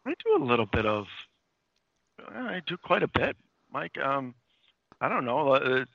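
Rambling man with a bright, lo-fi voice. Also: mid-range voice, big pitch swings, measured pace, vocal fry, no room sound. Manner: rambling, many fillers and restarts. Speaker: comics podcast co-host. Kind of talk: casual chat, retelling a comic's plot.

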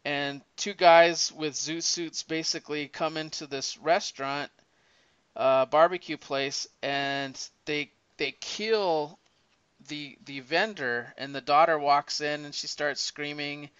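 A man in casual chat, retelling a comic story in a rambling, animated way, with many restarts. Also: on the high side, slow, clean tone, no room sound. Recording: dull lo-fi recording.

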